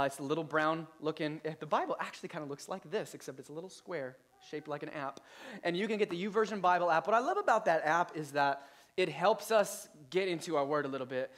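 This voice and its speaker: A man's voice: on the high side, a bit bright. A male pastor giving a casual sermon to his church, playful and chatty, joking with the congregation. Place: church service.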